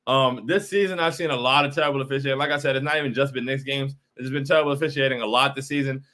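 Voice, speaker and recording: A man's voice: medium pitch, steady tone, rapid-fire, bright, forceful tone. A young man hosting a postgame livestream, frustrated and repetitive, often saying bro while reacting to chat. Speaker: postgame show host.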